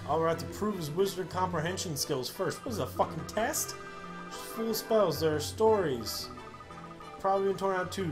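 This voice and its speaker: Profane joking male game streamer. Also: a little high. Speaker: gaming streamer. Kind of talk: casual let's-play commentary.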